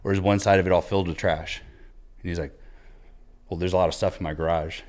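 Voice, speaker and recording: A man's voice: deep voice, steady tone, fast, darkish tone. A man on a podcast giving earnest coaching advice, retelling a conversation he had. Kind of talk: casual advice talk.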